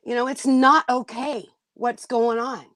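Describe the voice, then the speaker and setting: A woman's voice: a little high, steady tone, measured pace, a bit bright, dry recording. Indignant woman venting on a livestream. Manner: blunt and indignant, swears. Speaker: livestream host. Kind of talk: venting live chat.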